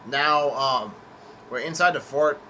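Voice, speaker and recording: A man's voice: medium pitch, takes it slowly, sharp tone, slight background noise. A man casually reading through and summarizing a comic chapter, hesitant, with many fillers and self-corrections. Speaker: manga chapter reader. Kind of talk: casual manga read-through.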